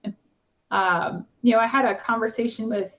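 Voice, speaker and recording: A woman's voice: a little high, steady tone, moderate pace, a bit bright. A woman, a competitive shooter, talking casually in a podcast interview, with many fillers and restarts. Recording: slightly dull lo-fi podcast audio.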